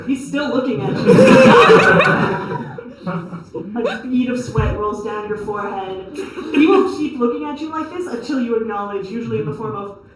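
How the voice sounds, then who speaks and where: A young American woman doing a stand-up comedy set, self-deprecating and chatty, often laughing at her own jokes. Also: sits high. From United States. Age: young adult. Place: comedy club room with a live audience. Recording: echoey room, mic heard from a distance, noisy.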